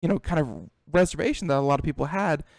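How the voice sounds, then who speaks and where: A male tech-show host in loose, animated conversation, voice sitting a bit high. He restarts sentences and repeats words as he talks. The sound is close and dry. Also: fast, vocal fry, dry recording. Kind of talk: casual tech talk chat.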